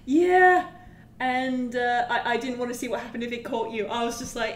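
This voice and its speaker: Animated, swearing woman in echoey room. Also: fairly high pitch, normal speed. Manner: animated, profane storytelling. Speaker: podcast co-host. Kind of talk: casual chat about games.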